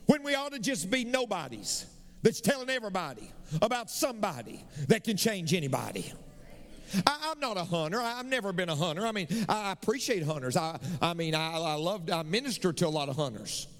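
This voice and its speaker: A man's voice: high-pitched, a bit bright. A middle-aged man, preaching a sermon as pastor with emphatic, repetitive phrasing in a large church sanctuary. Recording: long reverb of a large church hall.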